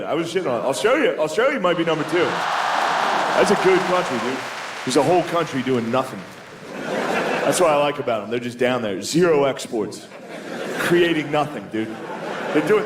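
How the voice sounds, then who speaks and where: A man doing a stand-up comedy set, talking casually and profanely and calling everyone "dude.". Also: medium pitch. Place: comedy club stage. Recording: live club recording, loud crowd noise. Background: loud audience laughter.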